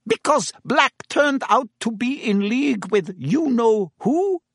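A man voicing a chatty female innkeeper, high and lively. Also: slow pace, dry recording, studio quality, full character voice. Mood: curious. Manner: chatty, gossipy. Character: curious middle-aged female innkeeper.

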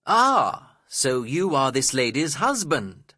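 A polite young gentleman visitor speaks with eager, slightly awkward cheer, as a man reading the story puts him on. His pitch rises and falls in lively swings over a bright tone. The sound is dry and close. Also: slow pace, no echo, full character voice.

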